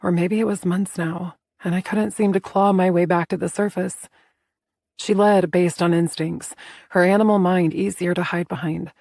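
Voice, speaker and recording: A woman narrating a first-person romance audiobook in a soft, intimate storytelling manner. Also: on the low side, fairly even intonation, moderate pace, no room sound, studio quality.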